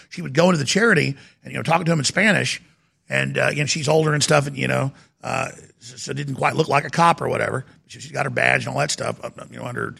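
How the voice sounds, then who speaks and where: A male talk show host rants in heated, emphatic commentary. His voice sits high and sounds very gravelly. It comes across forceful and husky. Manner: heated, emphatic, repeats himself. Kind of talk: agitated talk radio commentary.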